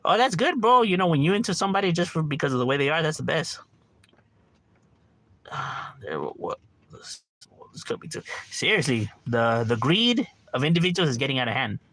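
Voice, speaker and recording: A man's voice: a little high, sing-song, fast talker, few pauses, a bit bright, no echo. A middle-aged man streaming a game from home, ranting casually with lots of profanity and constant "bro.". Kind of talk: casual livestream rant.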